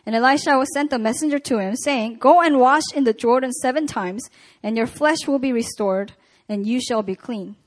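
A woman preaching at a prayer meeting, reading scripture and retelling it in a casual, animated way. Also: a little high, moderate pace.

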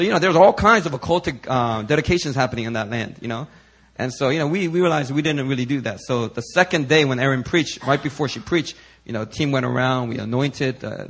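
A man preaching, telling a chatty testimony in an animated, storytelling way with lots of fillers. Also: on the high side, breathy edge.

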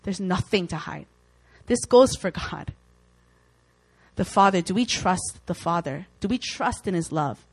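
A woman's voice: fairly low pitch, animated, unhurried, poor audio. Earnest young woman giving casual Bible teaching. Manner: earnest, conversational, acts out worried inner voices. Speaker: Christian speaker.

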